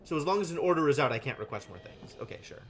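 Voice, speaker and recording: A man streaming a strategy game live, thinking aloud with wry deadpan asides. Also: on the high side, racing. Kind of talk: live gameplay commentary.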